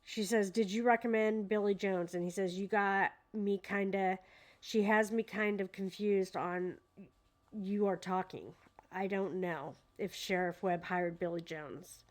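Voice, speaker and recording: A woman reads a deposition aloud at home, breaking off to comment in a casual, incredulous way. She hesitates often and fills her pauses with ums. Her voice sits at an ordinary middle pitch. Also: fairly even intonation. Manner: incredulous, hesitant with many fillers. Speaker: true crime commentator.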